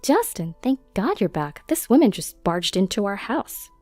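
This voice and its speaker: A woman's voice: mid-range voice, very animated, moderate pace, a little mellow, dry recording, faint music behind. A woman voicing an indignant young woman who has been deceived by her live-in boyfriend, read out in a storytelling narration.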